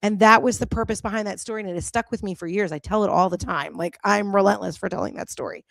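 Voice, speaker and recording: A woman coach hosting a talk show, telling a story in a direct, lively way. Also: mid-range voice, fast talker, gravelly, no room sound. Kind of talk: casual chat.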